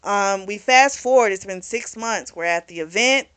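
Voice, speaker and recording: Woman with a mid-pitched voice who reviews books; casual, blunt, profane, animated storyteller. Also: moderate pace, clear, resonant tone. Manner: blunt, profane, talks back at the characters; animated storytelling with lots of fillers. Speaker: book reviewer. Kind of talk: casual plot recap.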